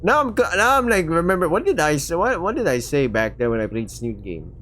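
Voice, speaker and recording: A man's voice: on the high side, very animated, a little fast, fairly bright tone, a little hiss or hum. A man with a Filipino accent reading a visual novel aloud and breaking off into rambling, jokey asides that trip over themselves. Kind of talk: casual let's-play commentary and reading.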